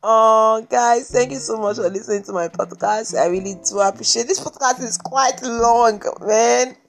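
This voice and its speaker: A woman's voice: on the high side, moderate pace, soft background music. A young woman with a Nigerian accent hosting her own podcast, talking in a rambling, chatty way full of "like", just after waking up. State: just woken up. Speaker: podcast host. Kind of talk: casual solo podcast monologue.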